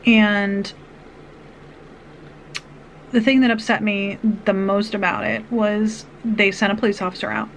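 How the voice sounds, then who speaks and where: A woman vlogger tells a personal story in an earnest, rambling way, circling back with restarts and asides. Her voice sits at a middle pitch. A faint hiss runs under her words. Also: little pitch movement, a little slow, vocal fry, pauses often, poor audio.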